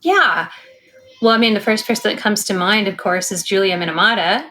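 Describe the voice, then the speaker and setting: A woman guest on a podcast, talking casually in an excited, upbeat way. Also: mid-range voice, brisk, faint music behind. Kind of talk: casual chat.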